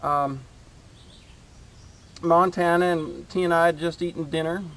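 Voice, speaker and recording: A man's voice: a little high, steady tone, fairly bright tone. Rambling man chatting in his garden. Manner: rambling, halting with many fillers. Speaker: homestead channel host. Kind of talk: casual outdoor chat. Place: outdoors in a garden.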